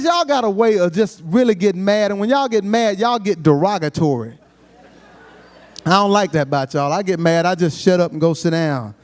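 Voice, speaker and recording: A man's voice: sits high, darkish tone. A man performing a stand-up comedy set on stage with a microphone. He tells stories in Southern Black vernacular and laughs at his own jokes. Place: comedy stage before a live audience.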